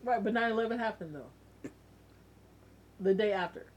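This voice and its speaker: A woman's voice: medium pitch, normal speed. A woman guest on a podcast, insistent and argumentative in casual chat.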